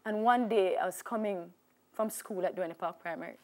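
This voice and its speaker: A woman's voice: on the low side, brisk. A woman with a Jamaican accent, a talk show guest telling her life story with emphatic repetition. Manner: animated storyteller, acts out voices, emphatic repetition.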